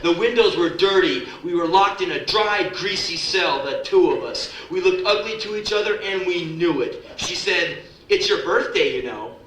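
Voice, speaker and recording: A man's voice: high-pitched, normal speed, few pauses, fairly bright tone, a little hiss or hum. A man performing profane, sardonic spoken-word stories live in a music club, acting out the people in them. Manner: profane, sardonic, acts out quoted voices. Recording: roomy live club recording from a distance.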